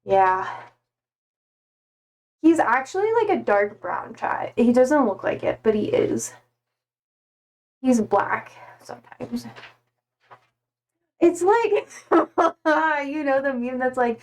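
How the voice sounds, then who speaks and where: A woman's voice: fairly high pitch, lively intonation, takes it slowly, long pauses, a little mellow, rough recording. A young woman streamer chatting casually and bubbly, gushing over her cats with baby talk. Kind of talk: casual live-stream chat.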